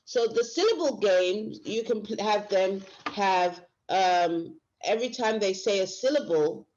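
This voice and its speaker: A woman's voice: medium pitch, lively intonation, unhurried, darkish tone, a little hiss or hum. A woman teacher giving a workshop lecture, explaining step by step and often restarting her phrases. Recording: dull lo-fi recording.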